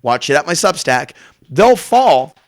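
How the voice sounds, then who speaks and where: Host: brash, profane man, high and very lively voice, rambling solo show. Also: measured pace. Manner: brash, profane, jumps between topics. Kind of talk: rambling casual monologue.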